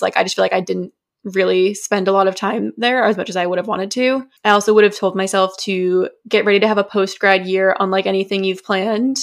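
A woman in her twenties co-hosts a podcast, chatting freely in a medium-pitched voice with vocal fry. Her casual talk is peppered with frequent "like" fillers.

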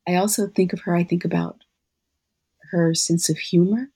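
An author and guest answering interview questions in a thoughtful, halting way with many fillers. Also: mid-range voice, fairly even intonation, dark tone, husky.

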